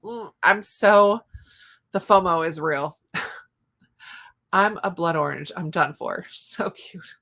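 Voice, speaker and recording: A woman's voice: lowish voice, takes it slowly, pauses often, pushed and bright. Chatty woman hosting a reading livestream. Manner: chatty, reads comments aloud, giggly asides. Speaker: booktube livestream host. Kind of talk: casual reading-sprint chat.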